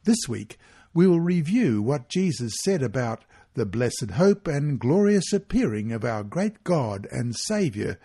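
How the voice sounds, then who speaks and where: A man reading a weekly Bible study guide aloud, measured and earnest, reading the scripture passages in full. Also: medium pitch, big pitch swings, dark tone, slightly rough.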